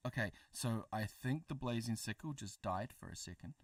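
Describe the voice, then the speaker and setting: A man's voice: medium pitch, animated, normal speed, no room sound. A man, co-hosting a livestream with dry, joking banter. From New Zealand. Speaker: co-host, story narrator. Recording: distant mic, dry sound.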